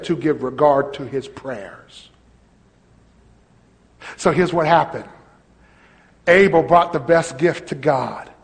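A man pastor preaching a sermon, teaching a congregation and calling out to them, his voice rising to shouts. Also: a little high, in a large hall. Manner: call-and-response preaching, swelling to shouts.

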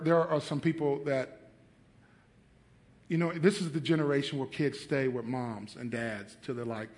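A middle-aged man preaching a sermon, animated, acting out scenes in changing voices and laughing often. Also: on the high side. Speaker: pastor.

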